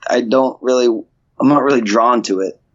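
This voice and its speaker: A man's voice: medium pitch, normal speed. A man talking casually as an interview guest, rambling with many restarts and repeated fillers. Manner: rambling, restarts, frequent "you know". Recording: dull lo-fi sound.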